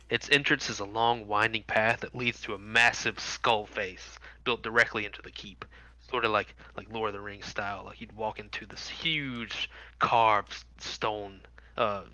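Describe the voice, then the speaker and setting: A man's voice: fairly low pitch, sharp tone, no echo, low-quality recording. A man narrating as dungeon master of a tabletop game, describing scenes vividly with frequent fillers.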